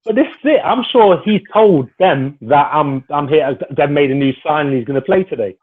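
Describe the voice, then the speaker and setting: A man, a former footballer being interviewed, telling lively stories and acting out what others said to him. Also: a little high, moderate pace. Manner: lively anecdotal storyteller, acts out dialogue. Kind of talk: casual storytelling interview. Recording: tinny phone-like line.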